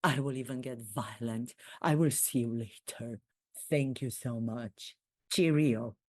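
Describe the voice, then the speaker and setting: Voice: mid-range voice, unhurried, dry recording, natural voice. A performer doing a stiff self-mocking prince. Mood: formal, eager. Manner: stiff, formal, self-deprecating. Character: self-mocking royal prince, adult man, impression. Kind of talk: comic impression monologue.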